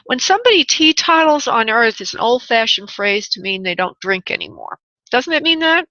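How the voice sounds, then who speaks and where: A woman's voice: fairly high pitch, very animated, normal speed, pushed and bright, no echo. Chatty woman psychic on dull radio. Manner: chatty, laughs often, calls callers honey and darling. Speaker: psychic medium radio host. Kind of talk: call-in psychic reading. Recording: dull lo-fi radio audio, dry.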